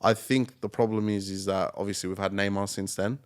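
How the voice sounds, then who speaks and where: A man's voice: fairly low pitch, steady tone, a little fast, clear, resonant tone. A man co-hosting a football podcast, earnestly explaining his points at length, tired after a long day at work. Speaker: podcast co-host. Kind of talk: casual football discussion.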